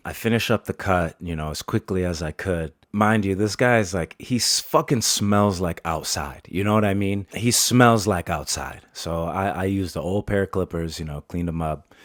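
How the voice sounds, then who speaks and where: A man's voice: deep voice, dry recording, clean studio sound. A man, a barber, telling a story casually, with lots of swearing and laughter.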